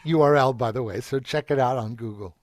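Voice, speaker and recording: A man's voice: mid-range voice, fairly quick, no room sound, clean studio sound. A man speaking on a video call, earnest and affectionate, with spiritual phrasing. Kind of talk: casual chat.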